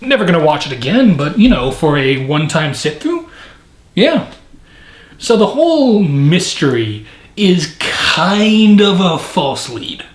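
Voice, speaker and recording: A man's voice: a little high, very animated, unhurried. Male movie reviewer, casual rambling sarcasm, recorded in an echoey home room. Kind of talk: casual reaction commentary.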